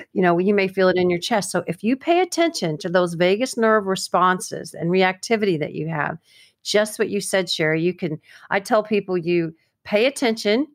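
Brisk woman, dry close mic. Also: medium pitch, no room sound. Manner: brisk, explanatory, playful wordplay. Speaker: podcast co-host giving advice. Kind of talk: casual advice chat.

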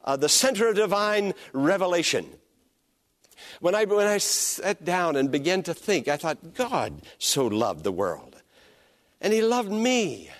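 A man preaching a sermon as pastor, emphatic and repetitive, drawing out key phrases and calling on listeners to repeat them. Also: sits high.

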